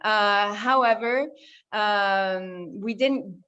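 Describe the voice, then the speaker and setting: A woman's voice: mid-range voice, drawn-out words, a bit bright, smooth. A woman from France, chatting in a friendly, hesitant way as a winemaker guest on a video call. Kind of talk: casual panel chat. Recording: dull lo-fi call audio.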